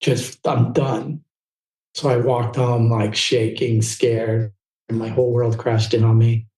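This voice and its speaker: A man's voice: medium pitch, completely flat delivery, unhurried, a little mellow, echoey room, rough recording. A middle-aged man from Southern California, telling his story as a podcast guest in a candid, rambling way. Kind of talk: casual storytelling interview.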